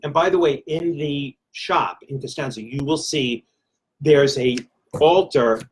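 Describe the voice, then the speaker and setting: A man who is a guest author in a casual chat, soft-spoken and full of compliments. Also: fairly high pitch, unhurried, breathy edge.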